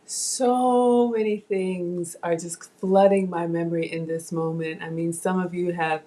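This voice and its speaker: Woman, livestream host, emotional, halting heartfelt talk, trails off. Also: fairly low pitch, fairly even intonation, mellow. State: emotional, close to tears. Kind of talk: casual live-stream chat.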